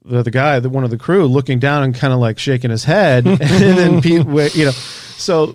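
A man, an author and researcher, telling a story in a casual interview, animated and casually swearing. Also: medium pitch, normal speed, no echo, studio quality.

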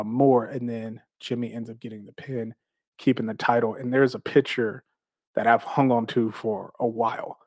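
A professional wrestler, a man, tells stories from his career in a casual, animated way, swearing freely and laughing between phrases. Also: medium pitch, dry recording, studio quality.

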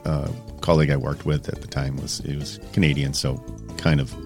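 A man from the Boston area, a business owner speaking as a podcast guest, talking in a halting way with fillers. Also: rumbling low, little pitch movement, music in the background. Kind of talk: casual interview chat.

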